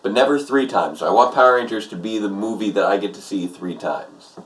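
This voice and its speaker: Deep-voiced man rambling casually. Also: brisk. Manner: rambling, hesitant with many fillers. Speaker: co-host. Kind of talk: casual chat.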